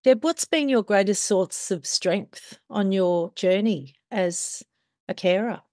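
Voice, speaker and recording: Gentle woman interviewer, dry sound. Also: medium pitch, slow pace, no room sound. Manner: brief, attentive reactions and gentle questions. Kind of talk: interview questions.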